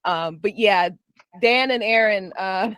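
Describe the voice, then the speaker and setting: A woman's voice: medium pitch, slow, fairly bright tone, smooth. A woman on a livestream chatting casually, joking and full of fillers. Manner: loose, filler-heavy, joking. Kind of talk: casual chat.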